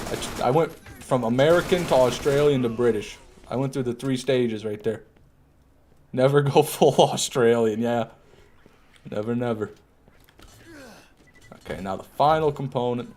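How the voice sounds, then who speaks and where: A man's voice: mid-range voice, moderate pace, darkish tone. A man streaming a video game live, chatting casually, joking and answering his chat as he plays. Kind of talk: live gameplay commentary.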